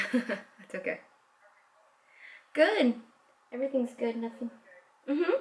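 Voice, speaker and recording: A woman's voice: on the high side, animated, takes it slowly. A pregnant young woman talking in a casual video diary, rambling with restarts and laughter into a camera mic. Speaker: vlogger.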